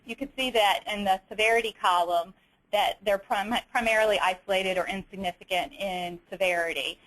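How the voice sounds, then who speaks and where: A woman's voice: mid-range voice, a little fast, fairly bright tone, low-quality recording. A woman with a Southern US accent presenting a webinar, walking methodically through slides with frequent fillers and restarts.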